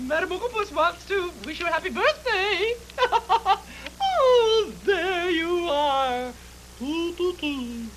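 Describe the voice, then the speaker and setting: Madame Ooglepuss, un homme qui fait une diva pieuvre. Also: male voice, expressive, slow pace, long pauses, fairly bright tone, a little hiss or hum, full character voice, poor audio. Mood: gushing. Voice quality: high fluttery gushing voice. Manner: theatrical, sighing, tearfully effusive. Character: grand theatrical lady octopus, gushing diva. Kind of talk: 1970s TV puppet show.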